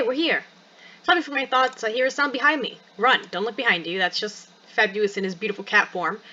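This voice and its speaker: A young woman reading a visual novel game aloud, chatty and excitable with many asides. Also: mid-range voice, muffled recording. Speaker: game streamer.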